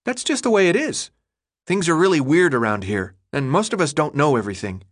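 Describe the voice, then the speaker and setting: A man voicing a chatty, evasive young boy who talks high and excited in a storybook reading. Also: fairly quick. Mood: uneasy.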